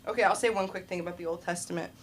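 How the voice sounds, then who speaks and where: A woman's voice: on the low side, steady tone, rapid-fire, slight background noise. A woman hosting a comedy open mic on a club stage, chatty and laughing as she acts out both sides of her stories.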